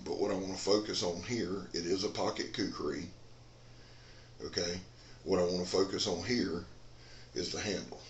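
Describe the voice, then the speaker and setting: A man's voice: deep voice, echoey room, a little hiss or hum. A man, rambling in a folksy casual chat as a knife reviewer in a dim room. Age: 40s.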